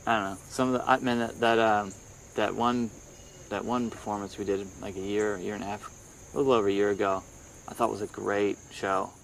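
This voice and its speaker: A young man in casual conversation, thinking aloud in halting, rambling sentences full of restarts. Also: fairly low pitch, flat delivery, vocal fry, a little hiss or hum. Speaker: podcast co-host, musician. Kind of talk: casual phone chat.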